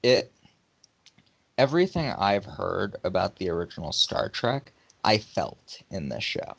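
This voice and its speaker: Low gravelly man, hesitant. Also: very animated, unhurried. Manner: hesitant, with fillers. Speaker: podcast co-host. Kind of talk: casual chat.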